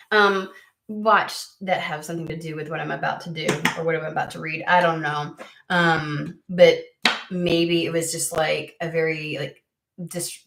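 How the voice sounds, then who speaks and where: A woman from the United States chatting casually to camera as a tarot reader, rambling and halting, with lots of fillers and restarts. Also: deep voice, gravelly, noisy background. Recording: echoey room.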